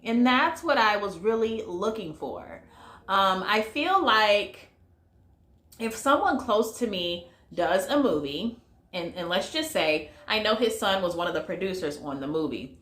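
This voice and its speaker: A woman's voice: medium pitch, big pitch swings, a little slow, a bit bright, reverberant. A woman giving a casual vlog movie review, chatty and full of fillers, talking straight to her viewers. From United States. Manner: chatty, lots of fillers, addresses viewers as y'all.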